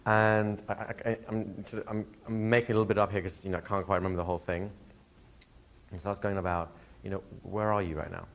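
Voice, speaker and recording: A man's voice: on the low side, level tone, fast talker. A man, a hypnosis instructor, answering a student's question in a live workshop, telling stories, laughing and acting out quoted dialogue. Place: training room with students.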